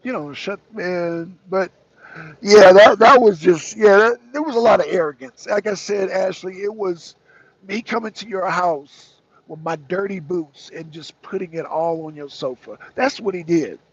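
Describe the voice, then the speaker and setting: A man's voice: high-pitched, measured pace, slightly rough, lo-fi sound. A man co-hosting a talk show, giving heated political commentary in an emphatic, repetitive way with mocking asides. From United States.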